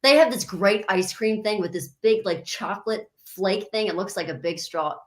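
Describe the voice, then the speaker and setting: A woman's voice: mid-range voice, normal speed, poor audio. A woman, a country singer guest, chatting in a bubbly, talkative way and acting out her stories in voices. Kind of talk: casual chat.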